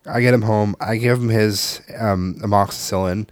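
A man in his thirties telling a family story in casual chat, animated and swearing, acting out the voices of the people in it. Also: fairly low pitch, normal speed, dry recording, studio quality.

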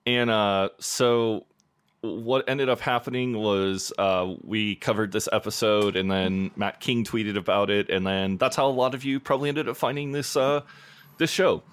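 A man's voice: lowish voice, fairly even intonation, normal speed, clean tone, dry recording. A man hosting a podcast, chatting casually and rambling with frequent laughs. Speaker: podcast host. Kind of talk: casual chat.

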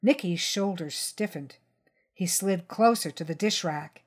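A woman's voice: on the low side, measured pace. Woman narrating a tense crime story. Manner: tense, steady first-person narration. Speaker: story reader. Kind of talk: dramatic short-story reading.

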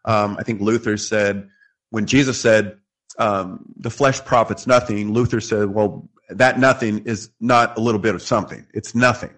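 A man's voice: lowish voice, steady tone, normal speed, fairly bright tone. A man earnestly explaining scripture in a theological discussion, quoting verses as he goes.

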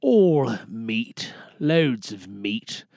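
Chatty, lively podcast game host. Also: male voice, medium pitch, extremely slow, vocal fry, no echo, clean studio sound. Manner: chatty, rambling, often trailing off. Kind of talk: casual podcast hosting.

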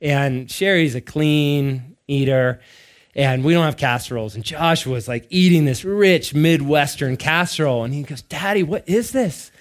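A man in his thirties or forties preaching, telling family stories with laughter and animated bursts. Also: medium pitch, moderate pace. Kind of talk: sermon-style storytelling.

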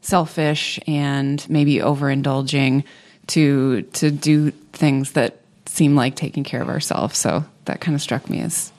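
A woman's voice: very deep voice, steady tone, measured pace, a little mellow. A woman co-hosting a recovery podcast, chatting conversationally and laughing lightly. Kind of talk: casual podcast discussion.

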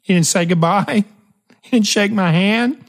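A man hosting a motivational podcast, telling a story emphatically with dramatic pauses and shifting pace. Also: high voice. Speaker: podcast host.

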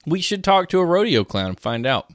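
High-voiced, animated man chatting. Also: a little fast, no echo, clean studio sound. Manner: lively and opinionated. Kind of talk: casual chat.

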